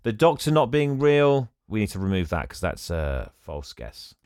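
Chatty, low-voiced man recapping a film. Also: very animated, normal speed, a little mellow, no echo, clean studio sound. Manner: laughs often, recaps in a loose, chatty way. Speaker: podcast host recapping a film. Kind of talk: casual chat.

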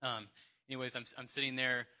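Bright-voiced man giving halting testimony. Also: mid-range voice, flat delivery. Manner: halting, emotional storytelling with many fillers. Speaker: congregation member sharing testimony. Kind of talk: personal testimony at church gathering.

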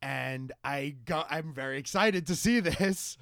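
A man's voice: fairly high pitch, unhurried, creaky, dry recording. Wry storytelling man, dry sound. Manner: wry storyteller, bursts into loud mimicry. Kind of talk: casual podcast chat.

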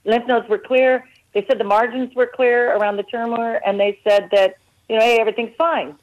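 A woman's voice: on the high side, normal speed. A woman calling into a radio show and earnestly telling her own story, acting out the conversations she had. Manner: earnest, animated retelling with quoted dialogue. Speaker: caller. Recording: phone line.

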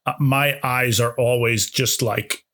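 A man's voice: medium pitch, fairly even intonation, slow pace, fairly bright tone. A man co-hosting a casual film podcast, talking enthusiastically about comedy and swearing freely. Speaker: podcast co-host.

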